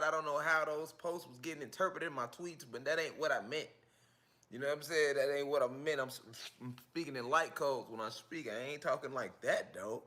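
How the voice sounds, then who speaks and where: Guy running a casual online night class, kinda high voice, lots of slang and repeating himself. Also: a little fast, bright, forceful tone. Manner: slangy, repetitive, emphatic street talk. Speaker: online spiritual teacher. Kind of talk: casual livestream lecture.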